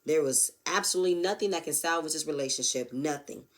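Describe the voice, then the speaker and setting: A woman giving a blunt, profane, animated recap of a reality show episode. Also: sits low, fast talker. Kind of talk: casual recap commentary.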